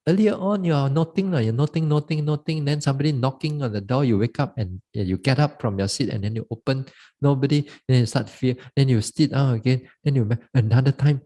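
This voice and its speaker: A Buddhist monk giving a dharma talk on meditation, halting and repeating words as he goes. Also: medium pitch, mellow.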